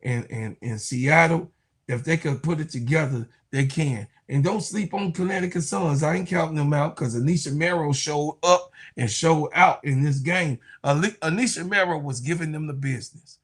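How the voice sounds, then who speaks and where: A man's voice: a little high, moderate pace, breathy edge. A young man with a Chicago accent hosting a casual sports talk stream, trash-talking and laughing often. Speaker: sports commentary host.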